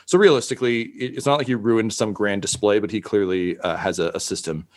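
Rambling game master with a low voice. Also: male voice, a little fast. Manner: rambling with many fillers. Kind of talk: narrating a tabletop game.

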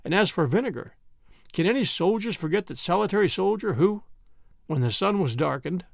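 A man doing a mild, quietly grave priest. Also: high-pitched, animated, brisk, gravelly, dry recording, clean studio sound, exaggerated voice. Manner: vague, then quietly grave. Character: mild, gently odd little male priest.

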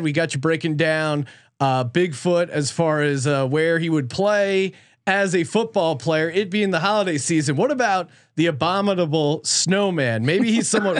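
A man hosting a sports podcast, chatty and quick to laugh. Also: sits high, no echo, studio quality. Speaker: podcast host. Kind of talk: casual podcast interview.

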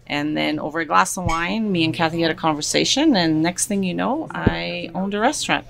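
A woman who owns a restaurant, a guest on a radio show, telling her story in a relaxed way with many pauses. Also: on the low side, gravelly. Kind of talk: casual interview.

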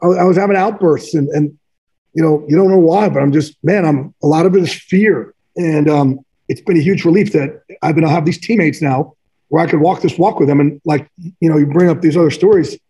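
Earnest high-voiced man, mellow tone. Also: brisk, rough recording. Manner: earnest, rambling, casual with frequent "man" and "like". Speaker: author and trainer of athletes, interview guest. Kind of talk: candid personal storytelling in conversation.

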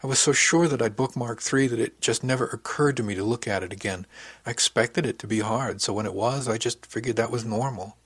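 A man voicing a young male crewman who is anxious, self-critical and quick to blurt things out. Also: mid-range voice, fairly bright tone, slightly rough, no room sound. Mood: flustered.

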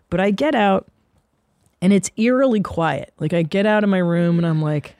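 A woman hosting a comedy podcast, telling rambling, profane anecdotes in a casual, animated way. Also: lowish voice, normal speed, dry recording, clean studio sound.

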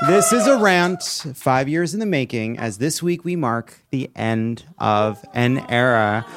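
A man's voice: medium pitch, expressive, a little slow, few pauses, very noisy. A man hosting a live show, roasting a departing colleague in a playful, teasing manner. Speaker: host. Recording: live stage with bagpipe music and crowd.

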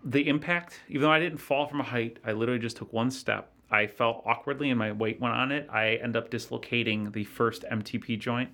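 A man recounts a personal story as a podcast guest, in an earnest, halting way that keeps restarting. His voice sits at a middle pitch and has a bright, forceful edge. He speaks casually, as if chatting across a table.

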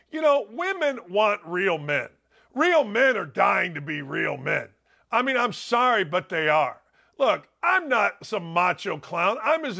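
Older male sports host, bright, edgy tone, loud, rambling, emphatic. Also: high voice, creaky. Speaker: sports talk show host. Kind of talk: animated talk show monologue.

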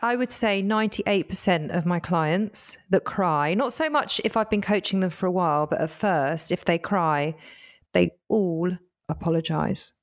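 A woman's voice: on the low side, a little slow. A woman coach co-hosting a podcast in casual chat, speaking emphatically and summing up points.

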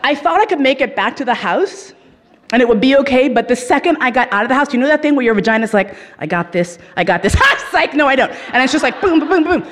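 A woman's voice: high voice, expressive, quick pace, a faint crowd. Woman telling a profane comic story. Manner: profane, laughing through the telling.

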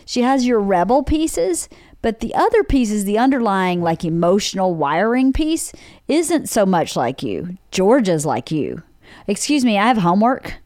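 A woman's voice: mid-range voice, sing-song, measured pace, a little mellow, no room sound, clean studio sound. A middle-aged woman hosting a casual chat, reflecting on her family and laughing easily. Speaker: podcast host, wife. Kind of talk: casual conversation.

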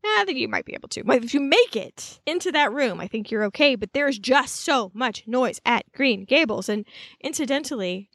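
A woman co-hosting a podcast, telling the story in a chatty, animated way full of asides. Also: high voice, moderate pace, no echo. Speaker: podcast co-host. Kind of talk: casual recap chat.

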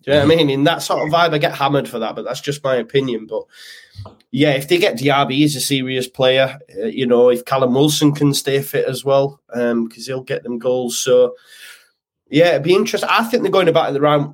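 Man, football podcast guest, mid pitch, chatty, opinionated, filler-heavy. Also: brisk. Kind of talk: casual football chat.

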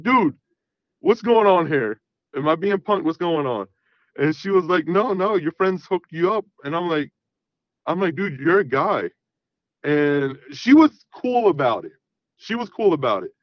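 Man, 30s, caller, rambling storyteller, slightly high voice, dull muffled audio. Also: no echo. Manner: rambling, repeats fillers like "you know what I mean". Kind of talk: casual storytelling on a call-in show.

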